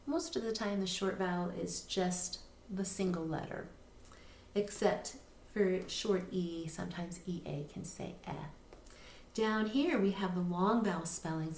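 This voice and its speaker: A woman teaching a reading lesson, patiently spelling words out letter by letter. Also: mid-range voice. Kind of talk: recorded phonics lesson. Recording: echoey room with faint noise.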